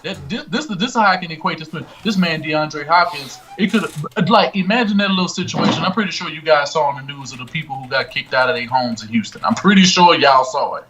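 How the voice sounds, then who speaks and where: A man co-hosting a casual sports chat, emphatic and slowing down to stress his points. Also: a little high, a bit bright. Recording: dull lo-fi remote line with faint hiss.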